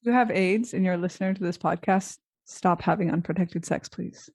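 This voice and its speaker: A woman's voice: on the low side, brisk, a little mellow. Australian woman hosting a podcast. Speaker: podcast host. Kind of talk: casual podcast chat.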